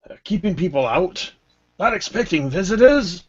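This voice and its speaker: Measured male player, lo-fi sound. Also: sits high, expressive, slightly rough. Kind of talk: in-character tabletop play. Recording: dull lo-fi audio.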